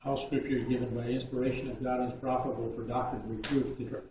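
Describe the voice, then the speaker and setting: A man's voice: medium pitch, flat delivery, fast talker, warm tone. A man in the congregation reciting scripture and stumbling over the words. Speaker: congregation member. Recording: distant voice in an echoey room.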